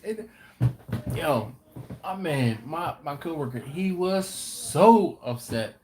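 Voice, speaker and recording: With a fairly high pitch, lively intonation and a darkish tone, plus a little hiss or hum in the audio, this man runs a live Q&A stream for his barbecue channel. He's a relaxed, laughing storyteller who acts out other people's quotes.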